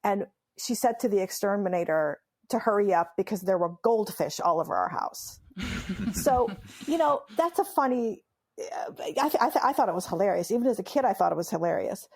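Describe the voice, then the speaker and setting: A woman's voice: mid-range voice, lively intonation, normal speed, a little mellow, slightly rough. A woman from Iran, a memoirist and humorist, telling stories in an interview with a playful, emphatic delivery and frequent laughs. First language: Farsi. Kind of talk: animated interview storytelling.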